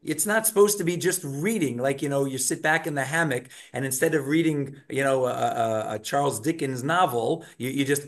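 A man teaching a Torah class over a video call, telling stories in an animated way and acting out the shouting scenes in them. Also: mid-range voice, moderate pace, hardly any pauses. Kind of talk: online class lecture with storytelling.

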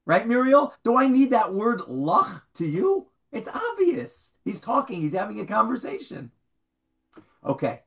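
Animated man teaching a Bible class. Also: sits high, a little slow, gravelly. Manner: animated, questions the students, reads Hebrew aloud. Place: classroom with a small group.

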